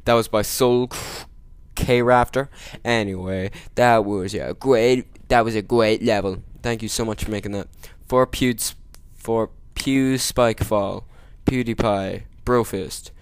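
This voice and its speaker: A man doing gameplay commentary, joking, making sarcastic asides and yelling at the game. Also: fairly low pitch, fairly even intonation, slow pace, clear, resonant tone, no echo. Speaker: let's play gamer.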